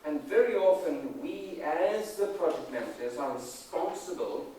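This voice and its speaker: A man giving an energetic, emphatic conference talk as a leadership trainer, often checking in with the audience. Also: fairly high pitch, measured pace, slight background noise. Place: large conference hall. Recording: distant, echoey hall recording.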